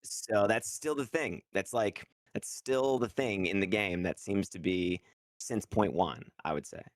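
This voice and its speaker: Low-voiced, rambling man. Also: a little slow, no echo, clean studio sound. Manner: rambling, lots of fillers, sarcastic asides. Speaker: guest, game content creator. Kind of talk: casual gaming podcast chat.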